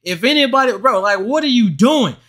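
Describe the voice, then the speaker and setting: Profane, ranting bright-voiced young man. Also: extremely high pitch, animated, a little fast. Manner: profane, frustrated ranting at the game. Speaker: gaming channel host. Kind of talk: gameplay commentary.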